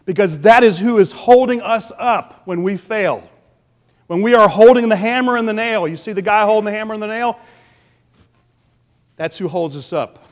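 A man preaching a sermon with passion, swinging between loud and hushed delivery. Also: sits high, in a large hall. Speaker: pastor.

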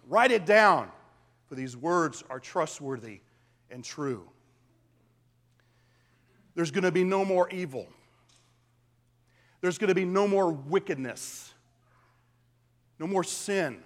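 A man preaching a sermon as a pastor, swinging from hushed whispers to loud, emphatic declarations. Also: fairly high pitch, animated, slow, long pauses. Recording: long reverb of a large hall.

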